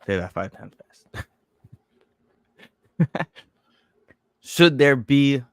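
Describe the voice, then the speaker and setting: A man's voice: medium pitch, expressive, extremely slow, no room sound, clean studio sound. A man co-hosting a podcast in casual sports chat, joking and swearing freely as he talks. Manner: profane, joking, loose banter. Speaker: podcast co-host.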